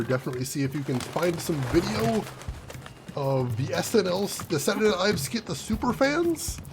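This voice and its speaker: A man's voice: a little high, noisy background. A man from the Chicago area, a game streamer chatting casually with his live viewers and laughing often. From Chicago area, USA. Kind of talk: casual chat with live viewers while gaming. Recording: music playing under the voice.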